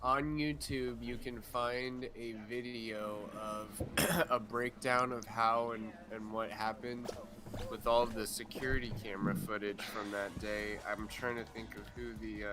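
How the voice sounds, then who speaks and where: A man in casual group talk on a live stream, explaining in halting, restarted phrases. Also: on the low side, flat delivery. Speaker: stream participant.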